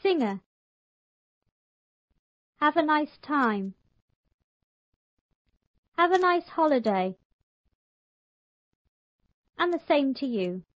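Bright-toned woman reciting a lesson. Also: sits high, very animated, very slow, long pauses, no room sound, dull audio. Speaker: textbook audio reader. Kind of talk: scripted lesson reading.

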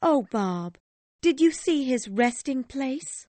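Gentle storybook mother, soft, cheerful, slow, lively pitch, dry sound. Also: dry recording. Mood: tender. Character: gentle, steady mother of a grieving family. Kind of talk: storybook reading.

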